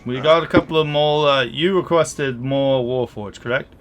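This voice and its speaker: A man's voice: medium pitch, moderate pace, slight background noise, natural voice. A man voicing a dutiful ship's first mate giving a businesslike report.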